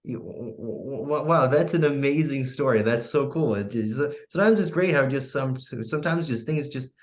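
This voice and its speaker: A man's voice: mid-range voice, lively intonation, moderate pace. A young man hosting a student radio interview, often stammering and restarting with lots of "you know". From United States. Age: young adult. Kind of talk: casual interview.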